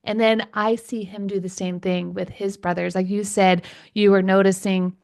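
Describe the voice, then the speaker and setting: A woman's voice: medium pitch, moderate pace, creaky. Enthusiastic woman parenting coach. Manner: enthusiastic, animated, laughs often. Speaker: parenting coach and podcast host. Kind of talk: conversational interview.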